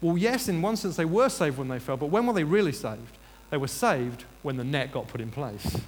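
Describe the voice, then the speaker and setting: A man's voice: a little high, lively intonation, normal speed. Earnest man preaching in a hall. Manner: earnest, rising to emphatic bursts with many restarts. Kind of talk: sermon. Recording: reverberant hall, faint ambience.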